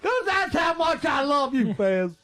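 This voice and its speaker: A lewd, lovesick southern redneck, as a radio host puts him on, crooning crude come-ons in a put-on Southern drawl. The voice sits high and swings wildly up and down, with faint music underneath. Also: male voice, sing-song, measured pace, a bit bright, full character voice. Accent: put-on American Southern. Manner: crude, goofy, sing-song wooing. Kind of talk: comedy radio bit.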